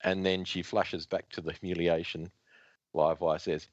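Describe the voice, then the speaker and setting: A man co-hosting a podcast, reading and summarizing a comic book aloud in a plain, steady way. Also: low-pitched, moderate pace, no echo, highs cut off. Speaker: podcast co-host.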